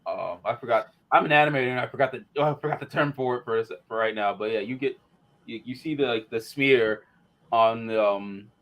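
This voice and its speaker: A man's voice: medium pitch, a little fast, fairly bright tone. A man co-hosting a casual fan review show, rambling with lots of fillers. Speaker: podcast co-host, animator.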